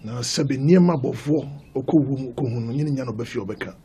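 An actor playing a stern middle-aged clan elder in a film drama, speaking gravely. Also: male voice, mid-range voice, moderate pace, dark tone, a little hiss or hum, close to an everyday voice. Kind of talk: Twi-language film drama.

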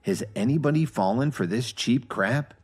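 A man's voice: mid-range voice, expressive, moderate pace, breathy edge, soft background music, pitched above the performer's own voice. A man voicing a confident young man who mocks others and speaks with scorn. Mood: scornful. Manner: mocking, confident.

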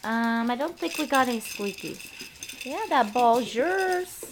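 Woman, home video: slow, slightly high voice, soft baby talk to pets, faint camcorder hiss. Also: expressive. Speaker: dog owner filming a birthday party. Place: home, indoors. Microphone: handheld camcorder.

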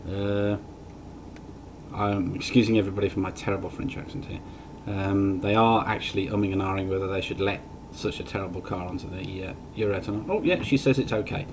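A man's voice: low-pitched, steady tone, fairly quick. A man hosting a casual road-trip car vlog, chatty and self-mocking, talking while he drives. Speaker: car vlogger host. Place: inside a car while driving. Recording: noisy car interior.

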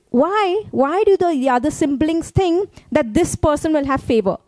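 High-voiced woman preaching a sermon. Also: animated, moderate pace, few pauses, darkish tone, dry recording. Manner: conversational preaching, frequent "okay?" check-ins. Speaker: pastor.

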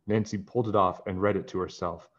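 Low-voiced man reading a kids' book. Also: steady tone, quick pace, muffled recording. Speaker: narrator reading a children's book. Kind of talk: children's book read-aloud.

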